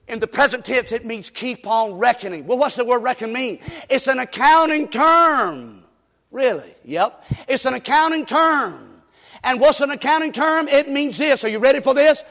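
High-voiced preacher in a reverberant church. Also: male voice. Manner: call-and-response preaching, rising to shouts. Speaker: pastor. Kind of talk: sermon. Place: church sanctuary.

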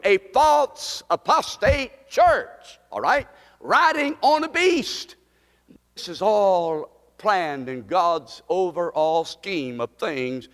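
High-voiced preacher in a church hall. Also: male voice, fairly bright tone. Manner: call-and-response preaching, rising to emphatic repetition. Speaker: pastor. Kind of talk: sermon.

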